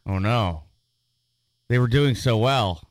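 A man chatting casually as co-host, with a middle-pitched voice and a joking, easygoing delivery. He stumbles into restarts as he thinks aloud, and the close mic gives a dry, flat sound. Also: slow, no echo. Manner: jokey, hesitant, with frequent restarts and sound-effect gags. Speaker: podcast co-host. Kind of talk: casual chat.

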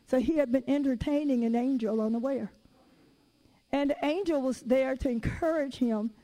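A woman preaching a sermon, telling personal stories in a lively, conversational and casual way. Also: high-pitched, normal speed, low-quality recording. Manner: casual everyday phrasing.

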